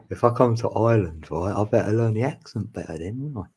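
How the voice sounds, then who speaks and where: Husky-voiced guy chatting on a live stream. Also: on the low side, normal speed, long pauses, a little mellow. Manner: laughs often, chatty and teasing. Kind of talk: casual live stream chat with viewers.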